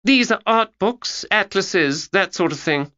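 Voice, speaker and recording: A man voicing Georgia, a curious and chatty young woman who is full of quick questions. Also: mid-range voice, expressive, a bit bright, highs cut off, pitched above the performer's own voice. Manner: quick questions, exclaims readily.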